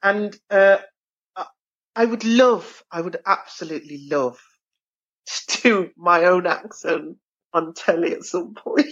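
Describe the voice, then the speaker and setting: Woman, Birmingham accent, actor guest, expressive storyteller, lo-fi dull sound. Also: on the low side, takes it slowly. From Birmingham, England. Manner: lively, expressive storyteller who acts out voices. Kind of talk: casual interview chat.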